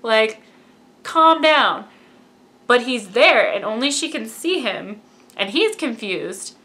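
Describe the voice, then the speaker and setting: A woman's voice: a little high, very animated, unhurried, fairly bright tone. A woman giving a casual, gushing fan review of a film and acting out lines from it. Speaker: movie reviewer.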